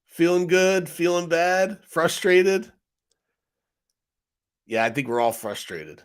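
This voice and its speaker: A man's voice: fairly high pitch, lively intonation, slow pace, smooth. Frustrated man ranting on a livestream. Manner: frustrated, rambling, talks to chat directly. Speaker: live stream host. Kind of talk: casual livestream chat.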